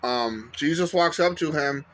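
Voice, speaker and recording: A man with a voice a bit higher than most men shares his faith in a casual, heartfelt vlog. He speaks earnestly and encourages his viewers, pausing on fillers and correcting himself as he goes. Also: fairly bright tone, slight background noise. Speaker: faith vlogger. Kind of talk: casual testimony.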